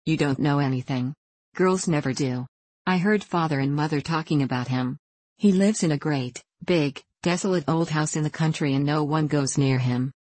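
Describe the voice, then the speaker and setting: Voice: mid-range voice, moderate pace, darkish tone, no echo, close to an everyday voice. A reader voicing an impudent seven-year-old boy who mocks and teases scornfully, recorded dry. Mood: mocking. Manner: scornful, mocking.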